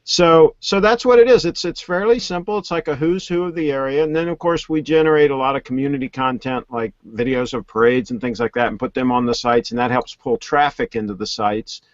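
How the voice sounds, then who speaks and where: Male call-in guest, chatty, dull dry line, mid-pitched voice. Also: brisk, few pauses, no echo. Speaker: guest, website owner. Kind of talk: casual call-in chat.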